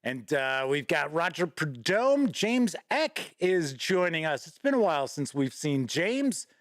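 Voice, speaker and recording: A man's voice: a little high, sing-song, normal speed, few pauses, no echo, studio quality. A man hosting a live-streamed gaming news show, chatty and folksy, greeting viewers by name and reading out news. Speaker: host.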